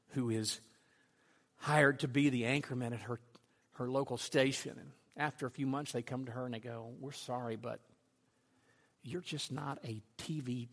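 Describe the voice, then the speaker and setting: A man preaching a sermon, telling stories that build to loud, intense peaks. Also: medium pitch, vocal fry, long reverb tail. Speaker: pastor.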